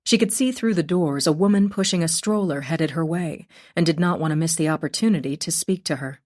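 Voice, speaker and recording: A female audiobook narrator reading a mystery novel. Her voice is low and steady, and she tells the story in a measured, even way. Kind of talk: scripted narration.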